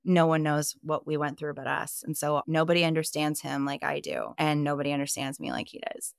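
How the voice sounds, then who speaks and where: Candid woman telling her story, low voice. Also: flat delivery, a little fast, vocal fry, clear, resonant tone, dry recording, studio quality. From Iowa, US. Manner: candid and emphatic, swears freely. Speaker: podcast guest. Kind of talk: personal storytelling in a conversation.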